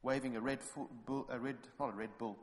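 A man from England preaching a sermon, telling anecdotes and building up to loud, fervent exhortation. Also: mid-range voice, fairly even intonation, brisk, in a large hall, noisy background.

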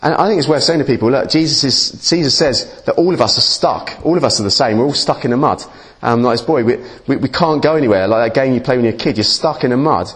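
A man giving a conversational sermon as a preacher, informal and often restarting his words. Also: mid-range voice. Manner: informal, restarts and repeats words, lively asides.

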